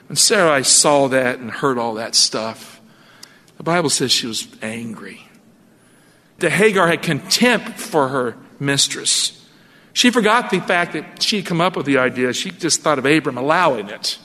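A man's voice: mid-range voice, expressive, a little slow, bright, forceful tone, long reverb tail. A man preaching a sermon, retelling scripture in a dramatic storytelling way. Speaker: pastor.

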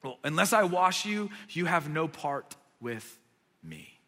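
A man plays a calm, gentle male teacher whose speech is measured and often trails off quietly. His voice is high and bright. It rings out with a long hall reverb. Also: heavily acted.

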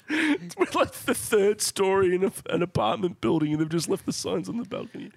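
An excitable Australian man jokes around on a podcast. His voice is high for a man and swings up and down a lot. The sound is close and dry. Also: normal speed, vocal fry, dry recording. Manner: excitable, animated, laughs often. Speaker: podcast co-host, comedian. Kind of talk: casual chat.

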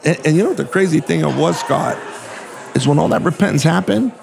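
Gravelly fiery pastor, a man. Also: a little high, lively intonation, a little fast. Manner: fiery, preacherly emphasis. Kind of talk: casual interview talk. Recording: crowd chatter behind.

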